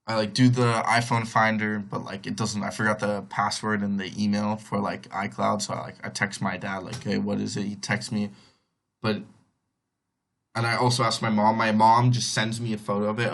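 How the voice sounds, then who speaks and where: A man's voice: fairly low pitch, creaky, a bit bright. A young man telling a long personal story on his podcast in a casual, rambling way, filling gaps with "like" and acting out what others said. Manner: rambling, heavy on "like", acts out others' voices. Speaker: podcast host.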